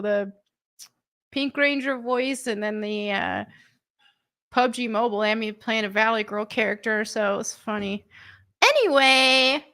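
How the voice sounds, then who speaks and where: A woman's voice: on the high side, measured pace, pushed and bright. A woman hosting a live stream, chatting casually and laughing often.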